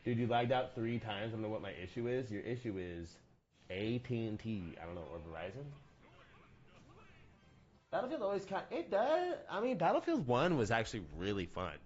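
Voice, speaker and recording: A man's voice: lowish voice, expressive, brisk, darkish tone, dull audio, slight background noise. A young man streaming games, chatting casually in a rambling, slangy, joking way. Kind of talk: casual gaming stream chat.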